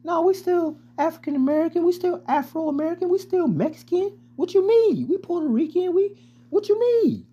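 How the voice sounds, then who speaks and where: A man voicing a mocked, indignant everyday man who protests in a squeaky tone. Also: big pitch swings, brisk, mellow, highs cut off.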